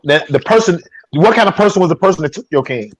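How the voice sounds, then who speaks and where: A man hosts a casual talk show in a slightly higher voice. He stammers and repeats himself as the feeling catches up with him. The sound is dry and close. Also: animated, fast talker, no echo. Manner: repeats words, stammers when upset.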